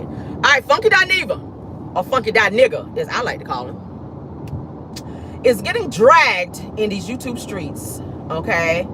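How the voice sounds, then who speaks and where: A host giving casual gossip commentary from a moving car, sassy and animated, laughing often. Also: mid-range voice, moderate pace. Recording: noisy car interior, road noise.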